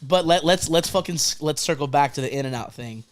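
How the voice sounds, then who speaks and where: A man telling a tour story in casual podcast chat, excited, swearing often, repeating himself and laughing mid-sentence. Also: fairly high pitch, a little fast, very noisy.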